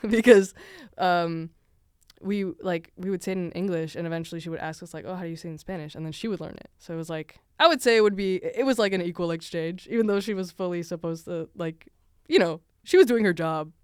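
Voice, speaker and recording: A woman's voice: fairly low pitch, clear, resonant tone, dry recording. Young Venezuelan woman, podcast host, rambling chatty storyteller with a dry, close sound. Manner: chatty, many fillers, laughs often. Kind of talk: casual storytelling.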